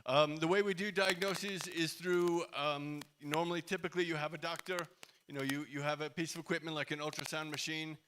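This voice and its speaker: A man's voice: fairly high pitch, flat delivery, fairly quick, noisy background. A man giving a casual, engaging talk to a crowd in a large indoor hall, asking the audience questions. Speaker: company CEO speaking at event.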